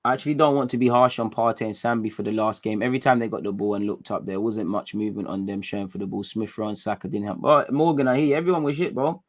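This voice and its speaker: A British man from England hosts a casual livestream, talking fast with few pauses in a lowish voice. He chats in slang with animated energy and reads viewer comments.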